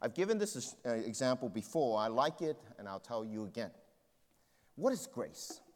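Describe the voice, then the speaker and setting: A man's voice: medium pitch, very animated, normal speed, a little mellow, in a large hall. A man pastor preaching a sermon in a conversational way, telling personal stories.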